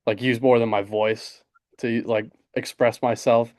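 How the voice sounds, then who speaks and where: A young man in his twenties co-hosting a casual sports podcast, excited and rambling with lots of fillers. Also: medium pitch, unhurried, no room sound, clean studio sound. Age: 20s. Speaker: podcast co-host. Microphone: desk podcast mic.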